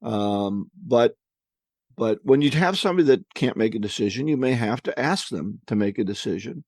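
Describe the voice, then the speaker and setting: A man's voice: mid-range voice, lively intonation, normal speed, a little mellow, no echo, studio quality. A man co-hosting a podcast, reading listener questions and answering in a casual, conversational way, often repeating words as he thinks.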